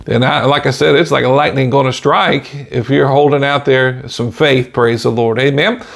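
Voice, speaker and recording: A man's voice: mid-range voice, steady tone, moderate pace, gravelly. A man preaching an informal podcast sermon in a folksy way, dropping in "amen" and "you know" and chuckling between points.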